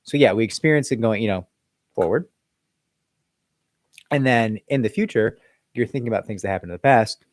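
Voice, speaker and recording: A man's voice: lowish voice, fairly quick, long pauses, no echo. A man, an employment attorney, casually answering viewer questions on a livestream in a loose, conversational way. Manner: conversational, loose, with frequent "like" and "right?"; reads viewer comments aloud, then answers them. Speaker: employment attorney hosting a live Q&A.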